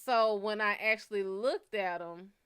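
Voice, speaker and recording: A woman who reads psychically hosts a live show, casually recounting a blunt, profane dating story and acting out the quoted lines. Her mid-range voice is clean-toned and unhurried, and her storytelling is candid and animated.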